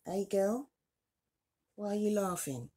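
A woman hosting a doll unboxing vlog at home, talking to her dolls in a gentle, motherly baby-talk voice. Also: mid-range voice, expressive, slow pace, a little hiss or hum. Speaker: doll collector and channel host.

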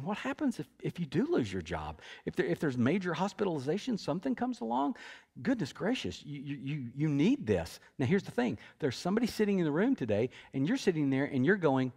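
A middle-aged pastor preaches to his church in a loose, conversational way, telling stories and doubling back on his words. His speaking voice sits a little higher than most men's. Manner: conversational, storytelling with asides and restarts. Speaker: senior pastor. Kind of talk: sermon. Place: church auditorium.

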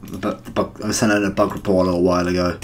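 A man's voice: sits low, little pitch movement, fast, a little hiss or hum. A man with a British accent giving chatty, rambling, self-deprecating commentary while playing a game. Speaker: gaming channel host. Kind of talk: casual gameplay commentary.

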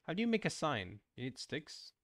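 A man's voice: on the high side, sing-song, no echo, clean studio sound. A young man streaming as a VTuber, chatting casually while playing a game with a friend. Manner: chatty, quick shifts between loud and soft. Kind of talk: casual gaming chat.

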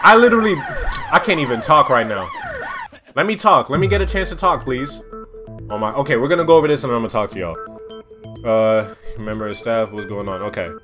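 Animated young man reacting to a game. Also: medium pitch, a little fast, over music. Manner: slangy, repeats phrases. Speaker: gaming YouTuber. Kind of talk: casual let's-play commentary.

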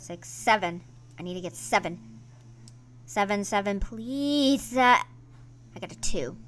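On her gaming channel, a woman chats through a let's-play in a casual, excitable style, griping playfully as she goes. Her pitch is a little high.

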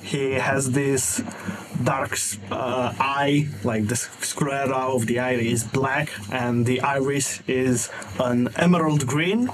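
Slow, halting male player. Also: medium pitch, fairly even intonation, low-quality recording. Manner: slow, halting, self-correcting. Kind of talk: describing and voicing his character at a tabletop game.

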